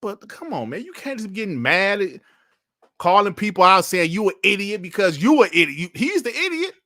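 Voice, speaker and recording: A man's voice: sits high, big pitch swings, brisk, pushed and bright, no echo, clean studio sound. A man giving casual, mocking commentary as a streamer, laughing often and swearing while he reads out and answers comments.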